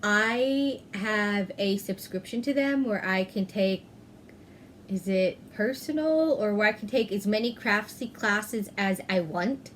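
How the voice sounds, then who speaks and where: A chatty woman hosts a knitting podcast, talking at an unhurried, slow pace. She often pauses on "um" and corrects herself as she goes. A faint background noise sits under her voice. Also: mid-range voice, fairly bright tone. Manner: chatty, self-correcting, frequent "um". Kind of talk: casual chat.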